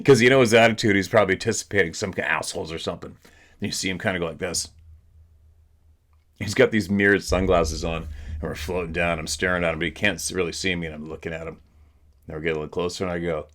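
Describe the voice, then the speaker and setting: Deep, fairly bright, and fast, the man's voice carries a casual show he hosts from home. He tells relaxed stories with plenty of swearing and laughter, captured on a laptop camera.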